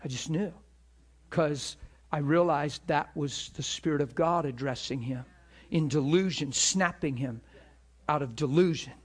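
A man preaching to a ministry school, telling a story with emphatic, animated delivery and acted-out dialogue. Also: a little slow, breathy edge. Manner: animated, emphatic, acts out dialogue with rising pitch. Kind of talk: sermon storytelling.

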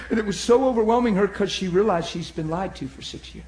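A male preacher with a somewhat high voice, telling a story from the pulpit. He swings from loud bursts down to near whispers and acts out the people he quotes. The room is echoey, with a faint hum of ambience behind him. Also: fairly quick, hardly any pauses. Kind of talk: sermon storytelling.

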